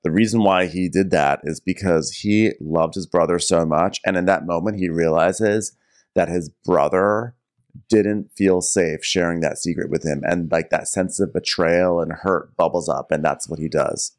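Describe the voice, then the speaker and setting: A man's voice: low-pitched, fairly even intonation, moderate pace. A man co-hosting a comedic TV recap podcast, playful and giggly, riffing with silly asides. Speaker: podcast co-host.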